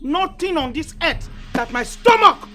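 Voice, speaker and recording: An actress playing a scornful, sharp-tongued first wife in a Nigerian film, mocking her rival; Nigerian accent. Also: extremely high pitch, lively intonation, measured pace, faint music behind, full character voice. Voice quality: mocking, taunting. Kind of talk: Nollywood film acting.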